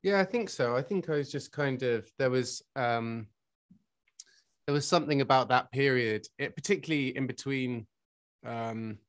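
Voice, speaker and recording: Man, mid pitch, reflective, hesitant, many ums and restarts. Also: normal speed. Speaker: actor interviewee. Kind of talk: interview answers.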